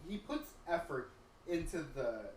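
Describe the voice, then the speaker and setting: A man co-hosting a podcast in casual chat, blunt and sarcastic, speaking in a deliberately light voice. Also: on the high side, very animated, reverberant, far from the mic, a little hiss or hum, poor audio. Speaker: podcast co-host.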